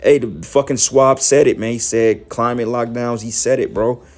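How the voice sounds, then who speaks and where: A man's voice: mid-range voice, fairly even intonation, normal speed. A man giving fiery, profane preaching commentary, scolding his listeners and quoting scripture. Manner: profane, scolding, rising to shouts. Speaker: online street preacher.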